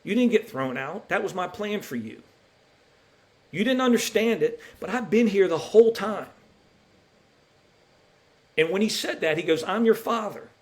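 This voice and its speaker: A man's voice: high voice, animated, moderate pace, pauses often. A middle-aged man, a basketball referee, telling his personal faith story on a podcast in an earnest, emotional way, restarting often. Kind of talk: personal testimony in a podcast interview.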